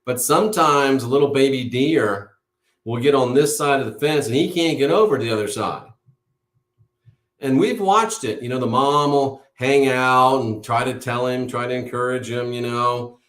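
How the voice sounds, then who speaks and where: A man's voice: mid-range voice, moderate pace, a bit bright. A man hosting an online show, giving an impassioned monologue to a live audience. He speaks emphatically and in a preachy way, repeating key words for force. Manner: emphatic, with insistent repetition; preachy, declaring things as certain. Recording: roomy echo.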